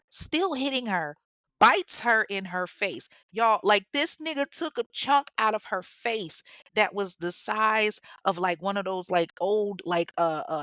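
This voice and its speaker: A woman's voice: medium pitch, bright, forceful tone, no echo. Chatty, profane woman telling a crime story. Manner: chatty and profane, laughing asides to listeners. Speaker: podcast host. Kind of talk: casual true-crime storytelling.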